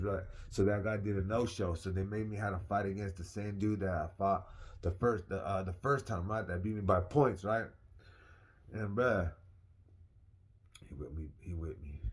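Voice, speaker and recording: A young man casually telling a personal story, animated and slangy, repeating phrases for emphasis. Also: fairly low pitch, normal speed. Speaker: vlogger.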